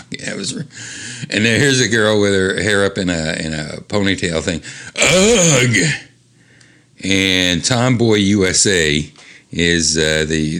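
A man reading an old teen magazine aloud, stuffy from sinus trouble, rambling and joking between the quoted bits. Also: fairly bright tone. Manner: rambling, self-mocking, breaks into high mock voices when quoting. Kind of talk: casual read-aloud with commentary.

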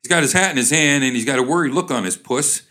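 A man casually reading old jokes aloud and describing cartoons, wry and halting with many restarts. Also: medium pitch, bright, forceful tone.

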